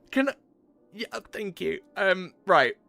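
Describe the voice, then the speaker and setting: Streamer, effusive and exclaiming, swings widely in pitch, slow unhurried delivery, faint music behind. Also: a bit bright, dry recording. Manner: effusive, exclaiming, swears freely. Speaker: game streamer. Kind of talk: live stream chat.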